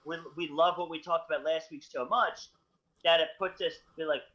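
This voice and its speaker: Chatty man with a bright, lo-fi voice. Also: a little high, steady tone, normal speed. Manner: rambling, filler-heavy, enthusiastic. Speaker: podcast co-host. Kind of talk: casual chat. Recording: dull lo-fi stream audio.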